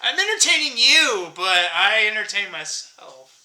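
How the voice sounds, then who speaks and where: A man's voice: sits high, very animated, measured pace, pushed and bright, echoey room. A man in his early fifties talking casually to his viewers, rambling and joking at himself. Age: 50s. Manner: rambling, jokey, self-mocking, laughs often. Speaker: channel host. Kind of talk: casual vlog chat.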